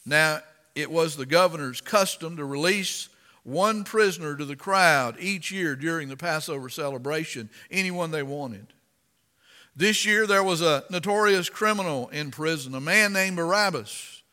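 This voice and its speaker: A man preaching a sermon and reading scripture aloud, impassioned and dramatic, rising to loud emphasis. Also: fairly high pitch, normal speed, big-room sound.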